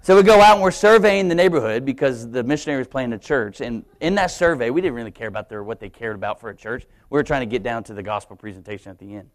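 A young adult man preaching a sermon in a church, telling a personal story with animated shifts in voice as he acts out his own thoughts. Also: medium pitch, fast talker, hardly any pauses. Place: church sanctuary, live stream.

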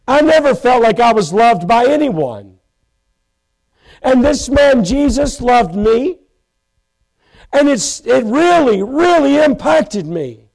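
A man preaching a sermon from a church pulpit, telling his own story with passion, breaking into shouts and slowing down to stress his points. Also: extremely high pitch, expressive, low-quality recording. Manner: impassioned, bursts into shouts, slows for emphasis. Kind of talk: sermon testimony. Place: church pulpit, live stream.

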